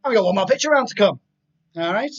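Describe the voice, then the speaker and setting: A man's voice: sits high, lively intonation, fast, husky. A man hosting a live online quiz, reading out multiple-choice options and chatting casually between questions. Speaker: quiz host. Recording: dull lo-fi sound with faint music.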